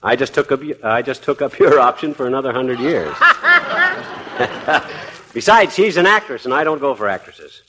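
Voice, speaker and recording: A man's voice: medium pitch, sing-song, a little slow, sharp tone. An actor playing a boastful, wisecracking middle-aged husband in a 1940s radio comedy, brash and slangy, chuckling at his own jokes. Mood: joking. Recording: old radio recording with faint noise.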